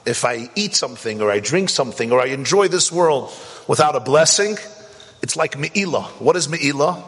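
A man teaching a Torah class, animated and rising to shouts to stress a point. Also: mid-range voice, moderate pace, husky, in a large hall. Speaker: rabbi.

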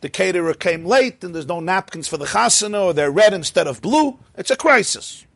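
A man leads a Chasidic text class in a slightly high, husky voice. He chants Hebrew lines in a sing-song and breaks into lively explanations, recorded close and dry. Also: a little fast, no room sound. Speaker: Torah teacher.

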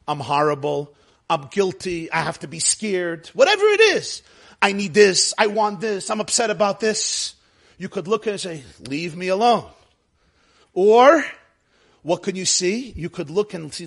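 A man teaching a spiritual lecture to an audience, animated and emphatic, asking many rhetorical questions. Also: high voice. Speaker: religious teacher.

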